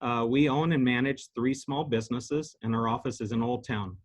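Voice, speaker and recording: A middle-aged man from Arizona reads a prepared campaign statement. He sounds earnest and uses the odd filler word. His voice is mid-pitched. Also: steady tone, normal speed. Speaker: county supervisor candidate.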